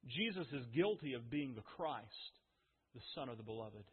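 Husky-voiced male pastor preaching in a hall. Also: medium pitch, animated. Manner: conversational preaching with rhetorical questions and dramatic pauses. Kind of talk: sermon. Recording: phone-like audio with long hall reverb.

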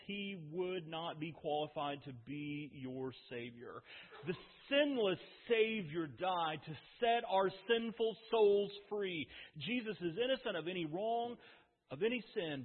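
A man preaching a sermon, talking conversationally and firing off rhetorical questions with dramatic pauses. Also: high voice. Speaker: pastor. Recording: phone-like audio with long hall reverb.

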